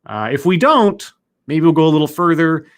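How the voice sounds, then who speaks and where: A man's voice: on the high side, animated, normal speed. A man hosting a casual livestream commentary, rambling along and greeting his chat members one by one. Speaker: livestream host.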